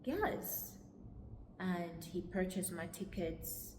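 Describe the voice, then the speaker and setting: Jamaican woman, lowish voice, casual life story, echoey room with long reverb. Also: steady tone, noisy background. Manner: halting, conversational retelling.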